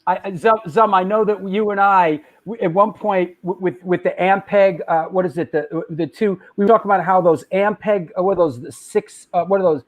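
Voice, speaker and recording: A man hosting a casual talk-show interview, asking hesitant, halting questions. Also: high-pitched, muffled recording. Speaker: host.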